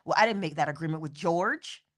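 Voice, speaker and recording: A middle-aged woman giving an inspirational spiritual talk, repeating phrases rhythmically and laughing often. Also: brisk. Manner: animated, swoops high in pitch, laughs often. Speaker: inspirational speaker.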